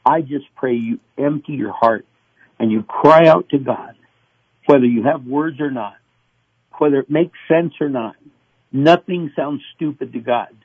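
A middle-aged male pastor being interviewed, preaching with animated acted-out voices. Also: medium pitch, measured pace, husky, no echo. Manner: animated, acts out voices and cries. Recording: tinny phone line.

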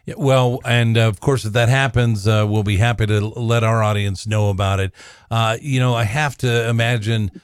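A man's voice: on the low side, steady tone, normal speed, clear, resonant tone, no room sound. A man hosting a live radio show from a studio, talking loosely with lots of uhs. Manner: loose, filler-heavy talk with many uhs. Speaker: radio host.

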